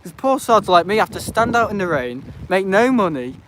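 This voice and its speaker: A male host streams casually from an airport visitor park, rambling and complaining with many fillers. His high voice is sing-song and a bit bright at a normal speed, and the outdoor recording is noisy.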